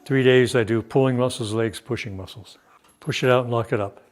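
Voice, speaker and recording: A man coaching a workout in a gym, giving calm, brief instructions. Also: medium pitch, a little fast, heavy background noise. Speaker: fitness coach.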